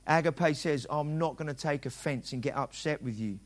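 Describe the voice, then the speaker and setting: A man's voice: on the high side, moderate pace. A middle-aged man preaching a sermon as a pastor, talking conversationally and acting out dialogue in quoted voices.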